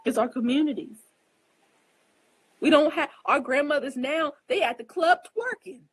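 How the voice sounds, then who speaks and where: In poor audio, a high, expressive female voice speaks at a normal speed. She is an astrologer casually advising her viewers, talking right to them in an emphatic, earnest and preachy manner, emotional on the surface and often asking if they follow.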